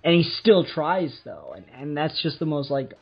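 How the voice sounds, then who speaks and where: A man's voice: a little high, very animated, moderate pace, creaky, husky. Rambling man in muffled casual chat. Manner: rambling, hesitant with many ums, enthusiastic. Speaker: podcast co-host. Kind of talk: casual comic book discussion. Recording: dull lo-fi recording with faint music.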